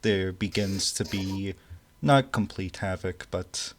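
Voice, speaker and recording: A man narrating a tabletop game as game master, slow and halting, with many restarts. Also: sits low, a little hiss or hum.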